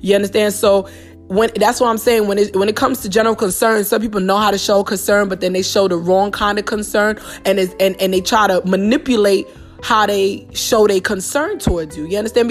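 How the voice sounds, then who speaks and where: A woman's voice: mid-range voice, steady tone, a little fast, faint music behind. A young woman with a New York accent hosting a podcast, bluntly retelling a personal story in a casual, profane monologue full of slang. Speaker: podcast host.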